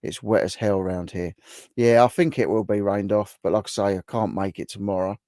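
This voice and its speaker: A man's voice: lowish voice, steady tone, brisk, warm tone, no echo, clean studio sound. A middle-aged man, hosting a casual livestream, chatting and answering viewer comments in a rambling way. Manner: chatty and rambling, with many restarts. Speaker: livestream host. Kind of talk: casual live chat reading viewer comments.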